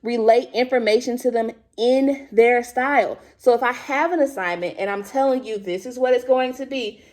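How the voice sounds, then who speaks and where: A woman who teaches high school drama, presenting teaching tips to other teachers in a lively, chatty and direct way.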